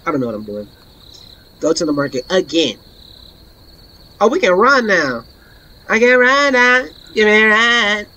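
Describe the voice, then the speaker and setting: A woman streaming a horror game, commenting in a playful, slangy, trash-talking way and breaking into excited shouts. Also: medium pitch, unhurried, long pauses. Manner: excitable, bursts into laughing shouts. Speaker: gaming streamer. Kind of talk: let's play commentary.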